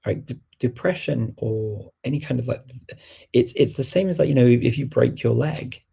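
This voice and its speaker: A man's voice: mid-range voice, moderate pace, gravelly, dark tone, slightly rough. A man hosting a language learning show, giving casual, reassuring and encouraging advice.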